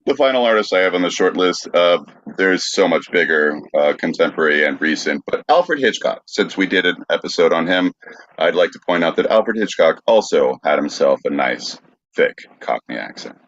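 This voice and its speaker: A man from the United States co-hosting a podcast, explaining things in a measured, informative way. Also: low voice, lively intonation, a bit bright, dry recording. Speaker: podcast co-host. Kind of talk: casual chat. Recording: dry, dull lo-fi mic.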